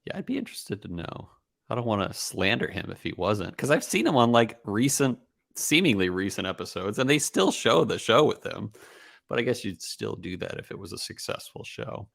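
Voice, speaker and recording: Low-voiced man rambling through a whiskey tasting. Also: moderate pace, gravelly, dry recording, studio quality. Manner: relaxed, rambling, full of ums and uhs. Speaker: podcast co-host. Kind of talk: casual whiskey tasting chat.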